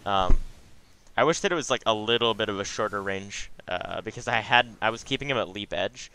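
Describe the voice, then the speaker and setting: A man's voice: lowish voice, fairly quick, gravelly, bright, forceful tone, clear, resonant tone. A young man giving casual, chatty commentary over his own gameplay, with frequent asides.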